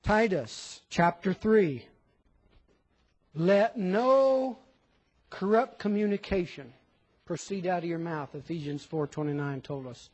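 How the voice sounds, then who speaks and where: A man's voice: high voice, animated, slow pace, long pauses, darkish tone, husky, poor audio. A man preaching a conversational sermon, asking rhetorical questions and reading scripture aloud.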